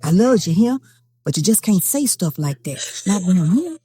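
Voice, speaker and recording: Woman doing a sly old southern gossip lady, thick folksy drawl, lowish mellow voice, comedy sketch. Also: sing-song, normal speed. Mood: gossipy. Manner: chiding, sly, mock-cautious.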